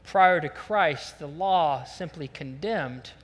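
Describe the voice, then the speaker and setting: A man preaching a sermon, telling a lively, joking story and acting out voices as a pastor. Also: on the high side, takes it slowly, in a large hall. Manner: animated, jokey storytelling, acts out voices.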